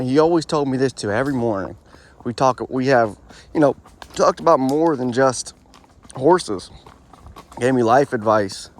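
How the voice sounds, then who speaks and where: A young man in his twenties, a horse trainer, talking in a laid-back, rambling, reflective way while riding outdoors on a wooded trail. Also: mid-range voice. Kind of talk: casual vlog narration while riding. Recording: faint outdoor noise.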